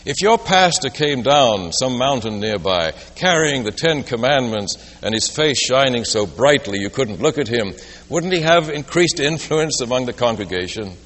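Man preaching with a lively, reverberant voice. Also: medium pitch, normal speed. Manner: storytelling, poses rhetorical questions. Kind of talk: sermon. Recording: long reverb of a large hall.

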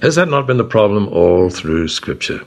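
A man leading a Bible study discussion, retelling scripture with animated storytelling and acted-out voices. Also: on the low side, moderate pace, gravelly. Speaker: author and discussion leader.

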